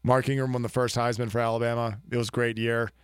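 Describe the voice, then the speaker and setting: A man co-hosting a casual sports podcast, rambling and joking with excitement. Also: mid-range voice, fast, clean tone, no echo, clean studio sound. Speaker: podcast co-host.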